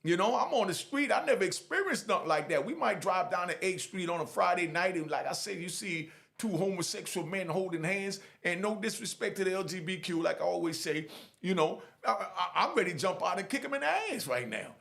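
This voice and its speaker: Man from Jamaica, storyteller; high, gravelly voice; animated casual delivery. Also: fairly quick. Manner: animated, keeps saying "you know what I mean". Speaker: storyteller recounting prison life. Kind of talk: casual first-person storytelling.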